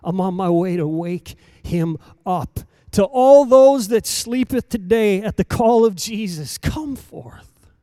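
A man preaching a sermon in a rhythmic, repetitive cadence, swinging between hushed lines and loud emphatic calls. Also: high-pitched, unhurried, hardly any pauses, clean tone, dry recording, studio quality.

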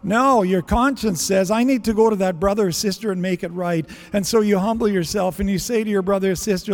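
A man's voice: high-pitched, fairly quick, hardly any pauses, long reverb tail. A man preaching a sermon in earnest, acting out prayers and bits of dialogue as he goes. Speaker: pastor.

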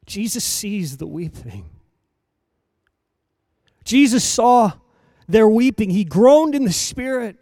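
A man preaching a sermon with dramatic delivery, dropping to hushed lines and rising to loud declarations. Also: high voice, animated, slow, long pauses, no room sound, clean studio sound. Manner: dramatic, swinging between soft and loud emphasis.

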